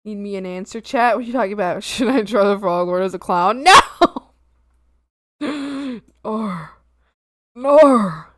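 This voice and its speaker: A woman streamer chatting casually while she draws, playful and excitable, breaking into silly bits and bursts of shouting. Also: mid-range voice, moderate pace, dry recording, clean studio sound. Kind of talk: casual livestream chat while drawing.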